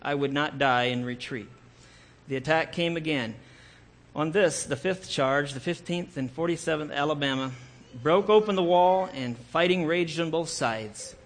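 A man's voice: on the high side, moderate pace. A man telling a historical war story aloud in an earnest, dramatic way, sometimes correcting himself. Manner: earnest, with occasional self-corrections.

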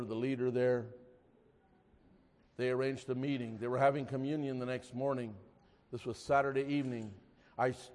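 A man preaching a sermon, telling a story and then pressing his point emphatically before dropping to a hush. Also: medium pitch, long reverb tail. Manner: storytelling, rising to emphatic exhortation, drops to a hush.

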